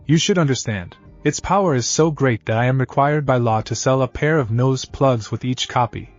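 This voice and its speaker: A man's voice: mid-range voice, moderate pace, dry recording, faint music behind, close to an everyday voice. Boastful older ninja uncle, blustering, narrator's own male voice. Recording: dull lo-fi audio.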